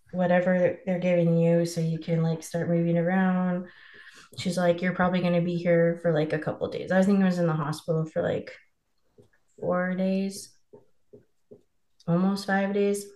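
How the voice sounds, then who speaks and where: A woman's voice: on the low side, little pitch movement, normal speed, darkish tone, roomy sound. A woman in casual podcast chat, rambling and filling with "like" as she acts out quoted dialogue. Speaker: podcast co-host telling her birth story.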